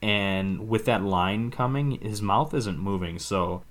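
A man's voice: fairly low pitch, takes it slowly. A man co-hosting a podcast, casually recapping a film's plot in a rambling way, hedging often. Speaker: podcast co-host. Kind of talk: casual movie recap chat.

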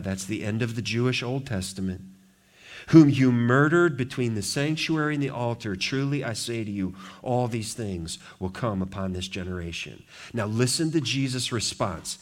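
Male pastor, sermon delivery, average pitch, emphatic with loud-soft swings. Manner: emphatic preaching, swinging between loud declarations and quiet asides.

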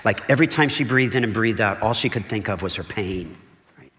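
A man's voice: on the low side, brisk, fairly bright tone. A man, a pastor, delivering a conversational sermon, often checking in with "okay?" and "right?". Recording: long hall reverb.

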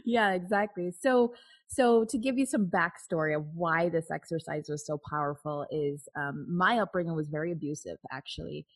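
A woman with a low voice speaks at normal speed on a rough recording, telling a personal story as an interview guest. She is candid and open, often restarting her sentences and laughing nervously now and then.

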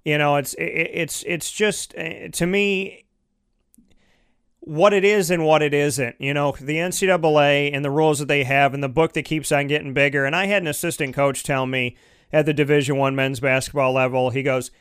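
A man hosting a sports talk show, arguing his views in an animated, rambling way with lots of restarts and "you know". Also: on the high side, normal speed, clean tone, no room sound, studio quality. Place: home studio. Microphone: studio microphone.

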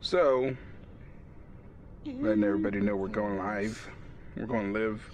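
A man's voice: on the low side, measured pace, a little mellow. A man co-hosting a casual podcast, chatting loosely with friends, swearing often and laughing. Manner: profane, laughing, playful. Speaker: podcast co-host. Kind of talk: casual chat.

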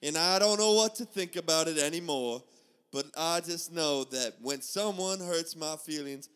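A man voicing a bawdy Southern gentleman in a comedy role-play, slow and mock-grand. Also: a little high, clear, resonant tone, lightly acted. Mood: mock-wounded.

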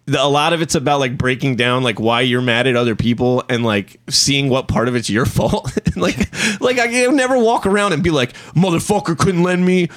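A man's voice: mid-range voice, lively intonation, fairly quick, hardly any pauses, fairly bright tone. A man from New Jersey, a touring musician and podcast guest, telling a rambling story full of swearing, fillers and restarts. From New Jersey, USA. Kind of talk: casual podcast chat.

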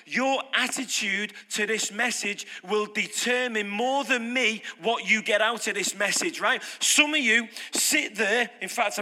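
High bright preacher in a hall. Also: male voice. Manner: emphatic, repeats phrases for punch. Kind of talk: off-the-cuff sermon. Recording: long hall reverb.

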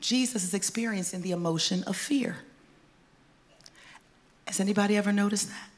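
Woman preacher swinging loud to whispered. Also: medium pitch, normal speed. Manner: swings from loud emphatic bursts to hushed whispers; conversational, folksy asides to the congregation. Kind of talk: sermon. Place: church stage before a congregation.

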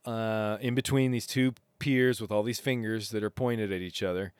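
A man hosting a podcast, casually retelling an adventure in a rambling, animated way with self-interrupting restarts. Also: lowish voice, normal speed, few pauses, smooth, dry recording, studio quality. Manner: rambling, animated retelling with laughs and acted quotes. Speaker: podcast host. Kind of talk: casual storytelling monologue.

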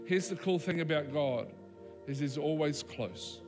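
A man preaching a sermon in a fairly high voice, slowing down for weight and acting out the quoted lines with real emphasis. Soft keyboard music plays quietly underneath him. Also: in a large hall. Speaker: pastor.

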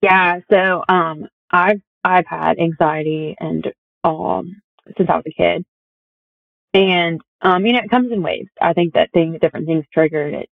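A woman's voice: on the low side, unhurried, vocal fry, no room sound. Casting: young woman guest, chatty and filler-heavy storyteller, thin phone-like sound, dry. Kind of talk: casual conversation. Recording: tinny phone-like audio.

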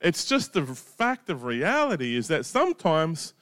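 A man's voice: on the high side, huge pitch swings, measured pace, fairly bright tone, dry recording, clean studio sound. A middle-aged man preaching a sermon in a conversational way, often checking in with "right?" and "you know". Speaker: pastor.

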